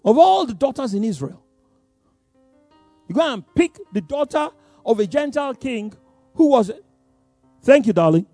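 Male preacher in a sermon, high and very lively voice, dry close sound, faint music underneath. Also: normal speed, long pauses, no room sound. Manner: animated, swings from loud emphasis to soft asides; laughs between points.

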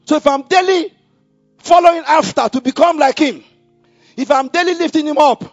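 A man preaching a sermon, dropping to a murmur and rising to loud, emphatic calls, repeating key lines for the congregation to say back. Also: very high-pitched, lively intonation, brisk, no room sound. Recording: dull lo-fi recording with faint music.

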